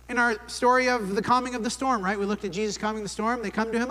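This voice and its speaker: A man's voice: high-pitched, fairly even intonation, fast, hardly any pauses, bright, forceful tone. A man preaching a sermon in a conversational way, often checking in with "right?". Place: church sanctuary. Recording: long church hall reverb.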